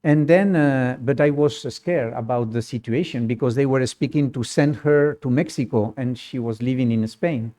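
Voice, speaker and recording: A man telling a lively personal story in halting, non-native English with small grammar slips, often laughing as he goes. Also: mid-range voice. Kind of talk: personal anecdote in conversation.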